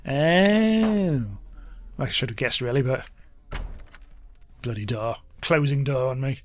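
A man's voice: mid-range voice, unhurried, pauses often. A young man chatting wryly through a let's play, exclaiming at what happens on screen. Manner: chatty, wry, exclaims at game events. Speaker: gaming YouTuber.

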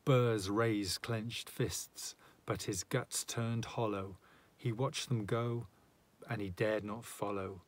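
A man reading a narrative poem aloud in a measured, dramatic way. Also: fairly low pitch, steady tone. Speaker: reader.

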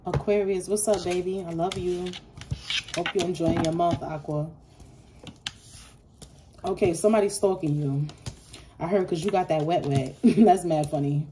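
A woman's voice: lowish voice, steady tone, moderate pace, pauses often, noisy background. A woman reading tarot for her viewers in a casual, slangy way, blunt and profane, often laughing. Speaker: tarot reader.

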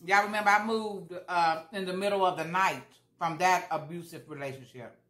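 A woman's voice: lowish voice, normal speed, fairly bright tone, echoey room. A woman vlogger talking casually while she eats, chatty and repeating herself for emphasis. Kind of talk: casual mukbang chat.

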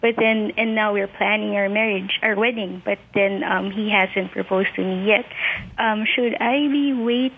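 Hesitant woman caller, gravelly. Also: medium pitch, fairly even intonation, measured pace, fairly bright tone, slight background noise, rough recording. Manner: hesitant, many fillers and restarts. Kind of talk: call-in phone conversation.

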